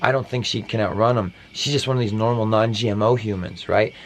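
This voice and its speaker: A man's voice: fairly low pitch, brisk, a little hiss or hum. A man hosting a parody podcast, rambling through a satirical monologue with offhand, mock-conspiratorial asides.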